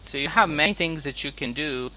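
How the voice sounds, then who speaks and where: A man gives a one-on-one lesson over a call, his voice very bright and sharp. He is patient and repeats the key words so the student catches them. A faint hiss sits behind the voice. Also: on the high side, a little fast, poor audio. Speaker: English teacher. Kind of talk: online one-on-one English lesson.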